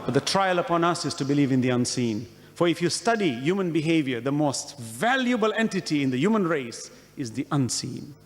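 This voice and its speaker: A man's voice: a little high, animated, brisk, hardly any pauses. A man giving an earnest religious lecture, asking questions and acting out conversations to make his points. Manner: earnest, questioning, acts out dialogue. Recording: long hall reverb.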